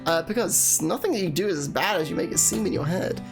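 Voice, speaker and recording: Woman voicing a kind reassuring schoolboy, calm earnest read, game music under. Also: on the low side, fast talker, vocal fry.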